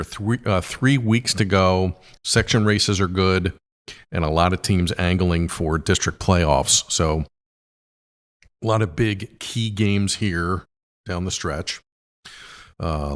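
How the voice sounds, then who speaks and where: A man with a hoarse, raspy voice, hosting a casual sports podcast with quick picks, lots of fillers and exclamations of wow. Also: low voice.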